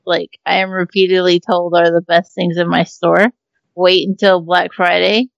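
A man's voice: high-pitched, little pitch movement, normal speed, vocal fry, fairly bright tone, dry recording, dull audio. A man co-hosting a podcast, talking casually and self-deprecatingly about his online shop. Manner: laid-back, self-deprecating, profane. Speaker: podcast co-host and shop owner. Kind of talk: casual chat.

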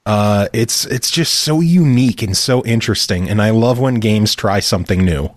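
A man's voice: lowish voice, moderate pace, no room sound, clean studio sound. A man hosting a podcast, easygoing and keen as he chats. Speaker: podcast host. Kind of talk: casual chat.

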